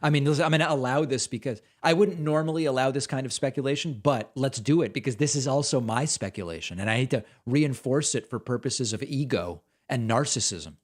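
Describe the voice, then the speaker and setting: Male streamer, casual and rambling, mid pitch. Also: fairly quick, hardly any pauses. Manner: chatty, rambling, reads out supporter names. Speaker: host. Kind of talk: casual livestream chat.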